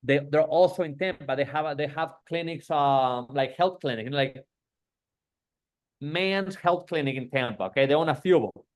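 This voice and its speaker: A man's voice: a little high, normal speed. A man with a slightly raised voice rambles through a casual phone chat. He swears freely, restarts his sentences and drops "bro" every few words. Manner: profane, rambling, lots of "bro" and "like".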